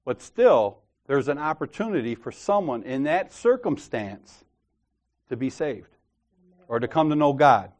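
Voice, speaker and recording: A man heading a church group chats casually about the Bible, his medium-pitched voice sing-song and a bit dark. Unhurried, he tells a story with laughter and slangy language.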